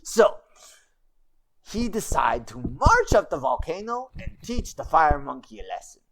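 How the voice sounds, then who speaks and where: A woman's voice: low voice, sing-song, measured pace, slight background noise. A woman streamer telling a goblin legend in rambling, broken goblin-style grammar, with chatty asides. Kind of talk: casual livestream storytelling.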